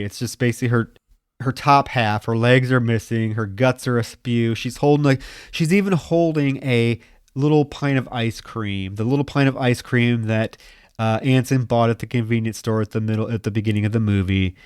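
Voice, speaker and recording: Man, podcast co-host, smooth clear voice, dry close sound, casual swearing recap. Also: medium pitch, normal speed, no echo. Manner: loose, profane plot recap. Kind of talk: casual film discussion.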